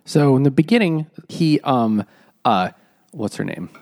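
A man with a mid-range voice recaps a story in a relaxed chat. He gets animated, hopping up in pitch as he mimics the characters. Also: measured pace. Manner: animated retelling with lively quoted voices. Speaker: podcast co-host. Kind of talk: casual book-club chat.

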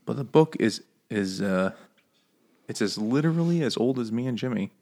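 A man's voice: medium pitch, expressive, moderate pace, a little mellow. A man, co-hosting a casual book chat over beers, rambling and laughing often at his own jokes. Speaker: podcast co-host.

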